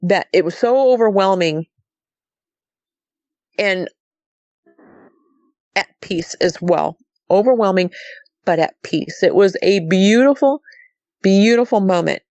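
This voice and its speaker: A middle-aged woman from Montana, appearing as an interview guest, tells of a sighting at a slow pace with frequent pauses. Her voice is medium in pitch with no room sound, and she acts out the exchange animatedly, using "she goes" repeatedly.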